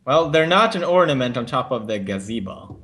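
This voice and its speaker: A man's voice: medium pitch, lively intonation, a little fast, a bit bright. A man teasing his friends while hunting them in a video game, swinging into mock-soothing talk. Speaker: gamer seeking hidden players. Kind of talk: casual gaming banter.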